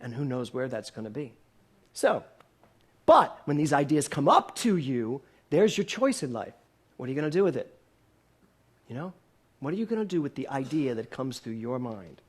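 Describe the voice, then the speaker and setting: A sixty-something minister preaches in a church hall with a medium-pitched, sing-song voice that carries a breathy edge. He talks at normal speed, pauses often, quizzes the congregation repeatedly and jokes playfully, laughing at times.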